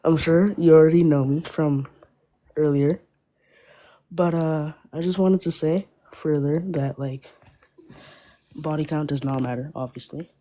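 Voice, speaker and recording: An eighteen-year-old woman calls in to a live stream. Her voice sits low and warm, and she speaks earnestly, filling gaps with "like" and "um". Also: a little slow, long pauses. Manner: earnest, full of "like" and "um" fillers. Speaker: caller. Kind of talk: casual call-in chat.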